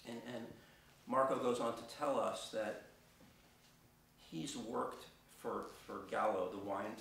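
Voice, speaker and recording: A middle-aged man telling a personal story on stage, halting, with many restarts and fillers. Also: lowish voice, gravelly, a bit bright, a little hiss or hum. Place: theater stage. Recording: echoey theater from far off.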